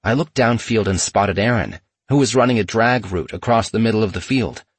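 Male memoir narrator, measured and steady, dry close read. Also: lowish voice, slightly rough, no echo.

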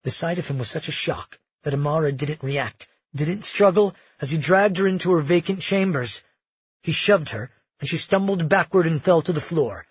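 Husky male audiobook narrator. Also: a little high, normal speed, dry recording, dull audio. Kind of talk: scripted fantasy narration.

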